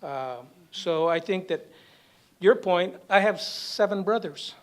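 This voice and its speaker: Brief: male panelist, slightly high voice, animated storyteller with humor. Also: slow. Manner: lively, humorous anecdote-telling with audience asides. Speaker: symposium panelist. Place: university symposium hall.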